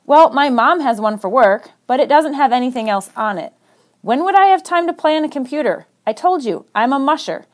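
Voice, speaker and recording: A woman voicing a proud, bossy teenage girl who races sled dogs, speaking in a curt, sharp way. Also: high-pitched, animated, fairly quick. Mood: defensive.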